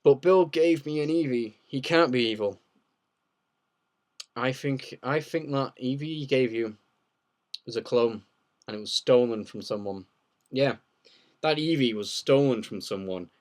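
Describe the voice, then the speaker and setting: A man's voice: medium pitch, unhurried, long pauses. A young man hosting a casual live Q&A, rambling and joking as he reads viewer questions aloud. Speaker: livestream host.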